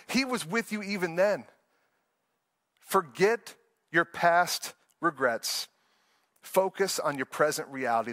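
High-voiced man preaching a sermon. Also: a bit bright, dry recording. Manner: earnest, conversational preaching with frequent laughs and restarts. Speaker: pastor.

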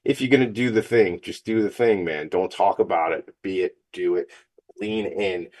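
A man hosts a radio show in a casual, energetic monologue. His voice sits fairly low. He teases himself and pushes his listeners to act. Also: moderate pace. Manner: fired-up, joking, self-teasing.

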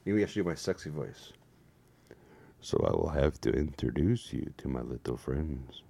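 A man putting on a slow, deep, mock-seductive voice that claims authority and control. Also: animated, creaky, mellow, husky, dry recording, exaggerated voice. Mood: mock-sultry.

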